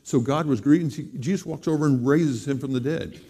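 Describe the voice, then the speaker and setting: A man preaching a sermon, repeating phrases and slowing down to stress key lines. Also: medium pitch, dark tone. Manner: emphatic, repeating phrases with slow stressed delivery.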